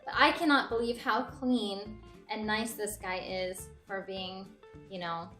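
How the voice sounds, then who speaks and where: A young woman hosting a casual vlog, gushing with excitement as she shows off her finds. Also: mid-range voice, unhurried. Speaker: host showing a thrift haul. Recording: echoey room, faint music.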